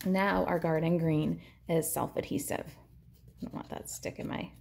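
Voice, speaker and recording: A woman with a low, gravelly voice walks through a crafting tutorial step by step. Her tone is a little husky, and she keeps it chatty and upbeat as she works with her hands. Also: steady tone, moderate pace, darkish tone. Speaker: papercraft demonstrator.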